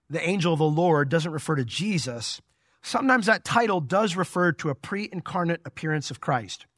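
A man preaching a conversational, animated Bible teaching sermon as a pastor. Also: on the high side, dry recording, clean studio sound.

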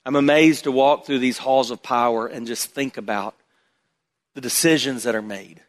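A man's voice: fairly even intonation, moderate pace. Preaching man in a reverberant hall. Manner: dramatic, swings from loud emphatic bursts to hushed low asides. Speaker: pastor. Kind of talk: sermon.

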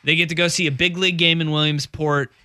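A man's voice: a little high, fairly even intonation, fast talker, pushed and bright, no room sound. A man co-hosting a casual sports talk show, enthusiastic and rambling with fillers. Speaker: co-host. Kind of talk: casual banter.

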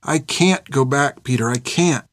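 A man's voice: medium pitch, a little slow, no room sound, studio quality, natural voice. A man doing a pleading young orphan girl. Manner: pleading, tearful.

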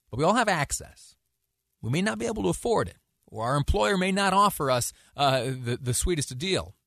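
A man hosting a call-in radio show, talking in a halting way with frequent restarts. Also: medium pitch, a bit bright, dry recording, clean studio sound. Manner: halting, many restarts, laughs easily. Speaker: radio talk show host.

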